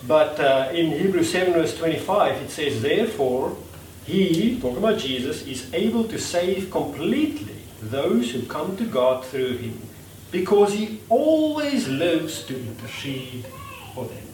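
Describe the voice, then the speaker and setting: Male preacher, conversational and self-deprecating, lively delivery; distant mic, echoey hall. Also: fairly high pitch, measured pace, a little hiss or hum. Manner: conversational, acts out quotes with lively voices; self-deprecating, laughs at himself. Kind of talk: sermon. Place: church hall.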